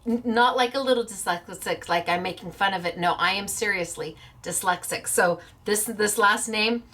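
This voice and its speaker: A woman with a medium-pitched, slightly bright voice hosts a craft show at a moderate pace. Chatting casually, she's bubbly and playful while announcing giveaway winners, laughing as she stumbles over their names.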